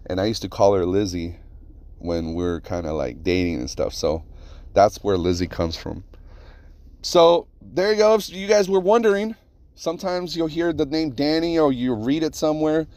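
A man hosting his own podcast, telling rambling, profane stories in a casual, animated way. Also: mid-range voice, normal speed, no echo. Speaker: podcast host. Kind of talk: casual solo podcast storytelling.

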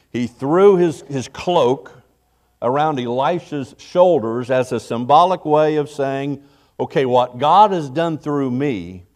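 A man's voice: mid-range voice, a little mellow. A middle-aged man, a pastor, preaching a morning sermon in a folksy, conversational way, acting out little quotes.

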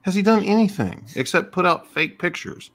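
Man, middle-aged, podcast co-host, profane ranting, lively swinging pitch. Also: moderate pace. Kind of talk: casual chat.

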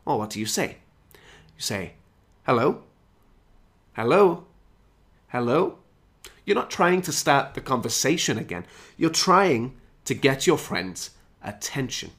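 A man explains everyday phrases like a teacher, his pitch rising and falling in an animated way. He speaks clearly and acts out the example phrases as he goes. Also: normal speed. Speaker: English teacher. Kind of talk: scripted podcast lesson.

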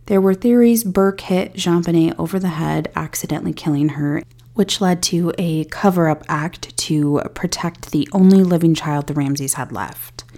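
Woman, podcast host, scripted true-crime narration, measured delivery, candid asides, lowish voice, warm tone.

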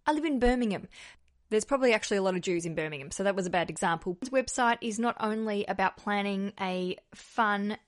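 A woman's voice: mid-range voice, fast talker, few pauses. A young woman with an Australian accent, hosting a podcast in a bubbly, joking tone. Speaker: podcast host. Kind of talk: casual podcast chat.

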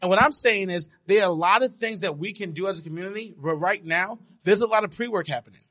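High bright-voiced man debating. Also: fast talker. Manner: insistent, keeps pressing his point over interruptions. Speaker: podcast co-host. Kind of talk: casual debate chat.

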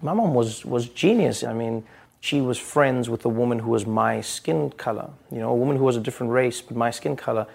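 A man's voice: medium pitch, fairly quick, creaky. A man in his thirties from South Africa, telling stories about his childhood in an earnest interview. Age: 30s. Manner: earnest, storytelling, quotes others in lively voices. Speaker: interviewee, comedian. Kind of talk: reflective interview.

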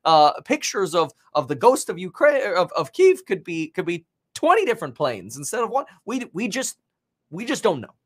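A man's voice: high voice, big pitch swings, moderate pace, husky. A man commenting casually on the news, rambling with many fillers and restarts. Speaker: finance commentator.

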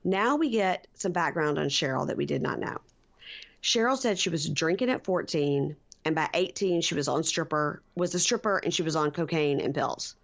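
A low-pitched woman tells a reality-show story in a casual podcast chat. She jumps into high, loud voices when she quotes people. The audio sounds a little dull and lo-fi. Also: expressive, normal speed, gravelly. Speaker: podcast co-host.

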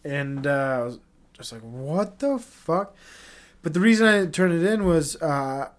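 Man, young adult, podcast host, solo monologue, profane, confessional, slightly high pitch. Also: animated, moderate pace, clean tone. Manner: rambling, profane, emotional confessional.

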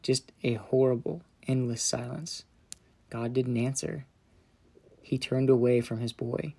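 A man narrating a children's Bible story with gentle, dramatic storytelling that softens in solemn moments. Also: mid-range voice, steady tone, measured pace, vocal fry.

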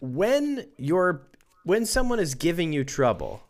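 A man's voice: fairly high pitch, very animated, measured pace. A man co-hosting a podcast, reading a book aloud with wry, dry asides. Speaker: podcast co-host. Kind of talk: casual chat and book reading.

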